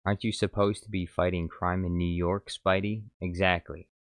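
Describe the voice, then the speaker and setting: Lowish-voiced man chatting casually. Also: level tone, moderate pace, no room sound, clean studio sound. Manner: rambling, self-mocking, laughs at himself. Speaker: streamer reading chat. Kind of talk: casual chat.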